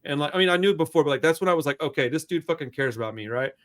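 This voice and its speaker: A man hosting a podcast, telling a long story in a loose, profane, animated way. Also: a little high, very fast. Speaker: podcast host. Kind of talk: casual storytelling chat.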